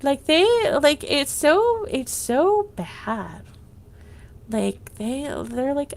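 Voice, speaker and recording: A woman's voice: high voice, very animated, very slow, gravelly. A woman livestreaming, venting in a rambling casual monologue, full of "like" and restarts.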